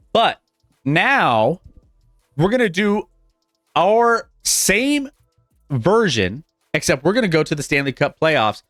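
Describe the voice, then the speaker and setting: Animated, chuckling male sports host. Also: a little high, clear, resonant tone, dry recording, studio quality. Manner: animated, chuckles often, stumbles and restarts. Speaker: sports betting show host. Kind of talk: casual sports talk on a live stream.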